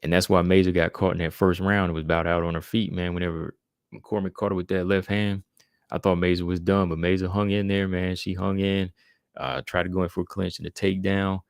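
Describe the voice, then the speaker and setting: A man with a low, gravelly voice talks through fight results in a loose, easygoing way, leaning on "man" and "you know" as he goes. The sound is close and dry, with no room around it. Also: little pitch movement, a little fast, dry recording. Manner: laid-back, fills with "man" and "you know". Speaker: podcast host. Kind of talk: casual fight-recap commentary.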